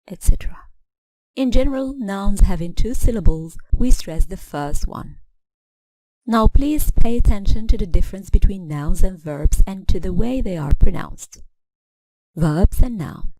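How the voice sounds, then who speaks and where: A woman narrating a scripted pronunciation lesson. She speaks clearly and deliberately, and she slows down to model each example word. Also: mid-range voice, expressive, warm tone, no echo, low-quality recording. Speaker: English pronunciation teacher.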